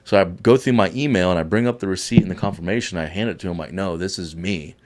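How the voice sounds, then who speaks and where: A man with a very low voice, guesting on a podcast. He talks in a laid-back, profane way and tells his story casually among friends. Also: fast, a little mellow.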